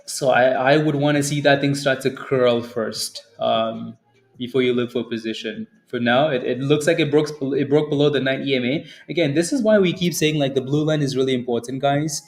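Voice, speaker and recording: A man talks through market charts on a live trading stream in a loose, casual way. He rambles, repeats words and keeps checking in with "right?". Faint music plays softly underneath him. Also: mid-range voice, normal speed. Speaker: stock trading livestream host.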